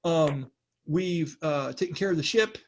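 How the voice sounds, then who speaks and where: A man's voice: fairly high pitch, animated, a little slow. Nervous stammering scholar, young man, flustered; a male game master voices him.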